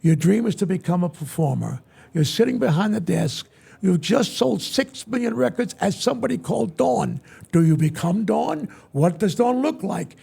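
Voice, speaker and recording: An older man telling stories as an interview guest, lively and quick to act out other people's lines, with a raspy voice. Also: high-pitched. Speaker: guest entertainer. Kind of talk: animated storytelling interview. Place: event venue interview set.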